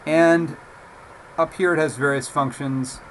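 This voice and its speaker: A man talks through a software demo in a casual, unhurried way. He pauses often and fills the gaps with fillers. A faint hum sits under his voice. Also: a little high, poor audio. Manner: relaxed, halting, with frequent "uh" fillers. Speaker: software reviewer.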